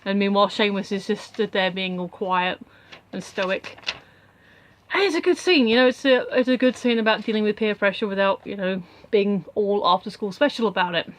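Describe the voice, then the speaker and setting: A woman's voice: medium pitch, fairly even intonation, moderate pace. A young woman casually recapping a film as a reviewer, rambling with many asides.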